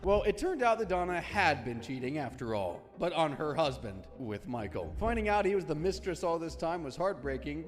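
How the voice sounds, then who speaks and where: A man narrating a scripted recap with quick, wry, sarcastic commentary. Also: a little high, long reverb tail.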